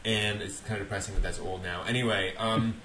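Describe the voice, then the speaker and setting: A man's voice: lowish voice, steady tone, brisk, bright, forceful tone. A man co-hosting a casual podcast chat, talking in a rambling, hesitant way with frequent restarts. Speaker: podcast co-host. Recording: roomy echo with faint hiss.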